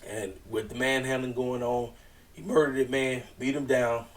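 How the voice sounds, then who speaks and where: A man's voice: medium pitch, fairly even intonation, moderate pace, recorded from a distance. A man giving a casual, slangy wrestling show recap, chatty and acting out what people said. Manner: chatty, slangy, retells scenes in quoted voices.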